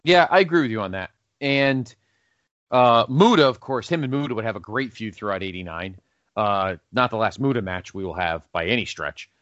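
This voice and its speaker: A man co-hosting a casual podcast, counting down matches in a lively, newscaster-like delivery. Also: on the low side, moderate pace, no echo. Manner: lively, breaks into a mock newscaster voice for recaps. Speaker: podcast co-host. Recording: dull lo-fi Skype call sound.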